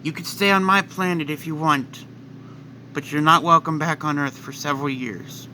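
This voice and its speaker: Kindly older god mentor with a gentle, explaining manner and a lifted, bright voice, as a man does him. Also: fairly high pitch, fairly even intonation, moderate pace, slight background noise. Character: wise old male deity, kindly mentor.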